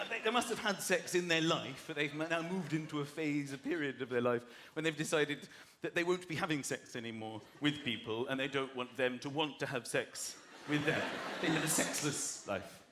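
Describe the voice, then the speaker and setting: A man from the South of England doing a stand-up comedy routine, animated and acting out characters in silly voices. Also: on the high side. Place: theatre stage before a laughing audience. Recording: echoey live venue with loud crowd noise.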